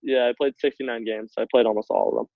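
A man's voice: mid-range voice, fairly even intonation, quick pace, gravelly, dry recording. Young man on a tinny phone line. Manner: rambling, many likes, laughs between phrases. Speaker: hockey player guest. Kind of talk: casual anecdote telling.

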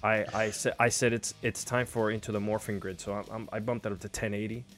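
A man's voice: lowish voice, flat delivery, quick pace, a bit bright, faint music behind. Chatty young man hosting a livestream. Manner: chatty, self-deprecating, loose with fillers. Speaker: livestream host. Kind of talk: casual livestream chat.

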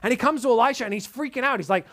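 Guy preaching a sermon, pretty high voice, earnest, goes quiet for emphasis. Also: rapid-fire. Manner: earnest, drops to soft emphatic tones, casual asides.

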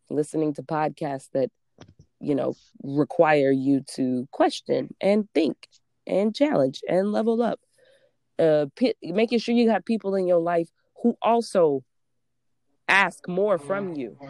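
A woman's voice: fairly low pitch, a little mellow, no echo, clean studio sound. A young woman from Georgia co-hosting a podcast, speaking in an earnest, motivational way in casual chat. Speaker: podcast co-host.

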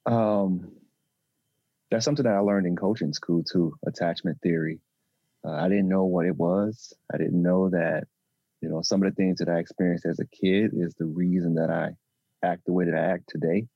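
A man, a relationship coach talking haltingly in a podcast interview. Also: sits low, steady tone, breathy edge, dry recording, highs cut off. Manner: halting, with many restarts and fillers.

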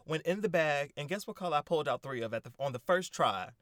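A young man hosting a casual solo podcast, talking in an excitable, animated way with plenty of profanity. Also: on the high side, fast talker, no room sound, clean studio sound. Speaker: podcast host. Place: indoors, sitting in a squeaky chair.

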